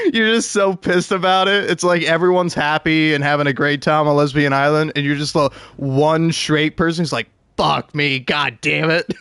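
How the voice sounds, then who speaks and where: A man's voice: a little high, fairly bright tone, clean tone, dry recording. Stammering young man rambling. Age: 20s. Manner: stammering, rambling, chuckling often. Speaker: gaming commentator. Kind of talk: rambling casual commentary over gameplay.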